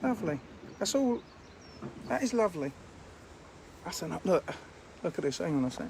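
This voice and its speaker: A man's voice: high-pitched, big pitch swings, normal speed, creaky, a little mellow, a little hiss or hum. A man, live streaming from his phone and chatting casually in a rambling, self-mocking way as he shows things to the camera. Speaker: fishery owner live streaming. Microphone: phone camera held in hand.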